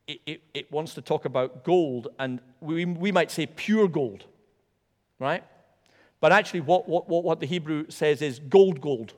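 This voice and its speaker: A man preaching a sermon in a church, animated and emphatic, repeating words for stress. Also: fairly high pitch. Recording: long hall reverb.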